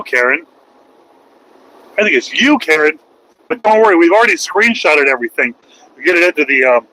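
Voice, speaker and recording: A middle-aged man, a truck driver, ranting loud, profane and mocking on a livestream. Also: high voice, low-quality recording. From United States. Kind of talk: livestream rant.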